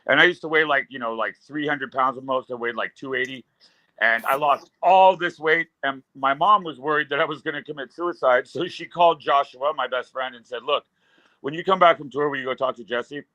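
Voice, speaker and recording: A man's voice: medium pitch, brisk, pushed and bright, dry recording, low-quality recording. A man in his fifties, a guest musician, telling rambling stories with loose fillers in casual talk. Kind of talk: casual storytelling.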